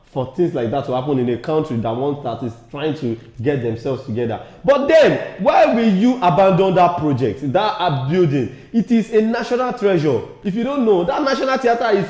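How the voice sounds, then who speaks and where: A young Nigerian man with a Nigerian accent co-hosting a casual news review, animated and laughing often. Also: moderate pace, few pauses. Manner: animated, laughing often, rising to high excited tones. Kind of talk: casual news commentary chat. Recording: echoey room.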